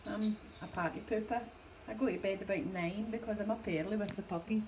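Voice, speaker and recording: Indoors at home, a middle-aged dog breeder from Scotland rambles and laughs her way through a casual livestream on her phone. Her voice is medium-pitched and a little fast, with background noise in the audio.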